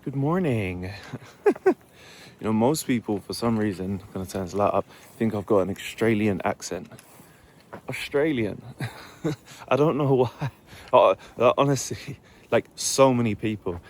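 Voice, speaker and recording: A man's voice: fairly low pitch, unhurried, a little mellow. A young man from Essex with an Essex English accent, talking casually and rambling to his vlog camera on an early morning walk outdoors, swearing freely. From Essex, England. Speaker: fitness vlogger.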